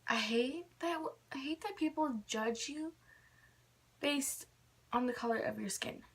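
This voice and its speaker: A woman's voice: high voice, unhurried. A young woman ranting casually to camera, irritated, filling her talk with "like" again and again. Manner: irritated, fills with "like" constantly. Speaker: vlogger.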